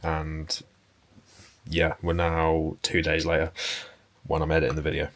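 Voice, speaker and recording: A young man chatting casually to camera in a relaxed, rambling way, with fillers and some swearing. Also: rumbling low, a little slow. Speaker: bodybuilding vlogger and personal trainer. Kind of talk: casual vlog chat to camera. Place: indoors at home and in a parked car.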